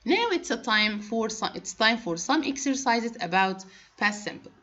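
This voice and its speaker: A woman's voice: fairly high pitch, lively intonation, moderate pace, sharp tone. A woman whose first language is Arabic teaches English grammar in a patient classroom lesson, spelling out letters and rules one by one. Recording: dull lo-fi recording.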